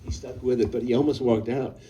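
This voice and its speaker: A film director talking at a live Q&A in a cinema, halting and full of fillers and restarts. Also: male voice, medium pitch, fairly even intonation, dark tone, distant mic, poor audio. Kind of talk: on-stage Q&A.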